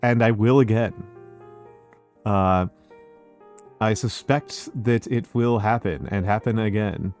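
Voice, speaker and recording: A man's voice: fairly low pitch, slow, pauses often, darkish tone, soft background music. A man streaming live who chats casually, reads out viewer messages, greets each viewer by name and repeats short phrases over and over. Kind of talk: casual chat with a live audience.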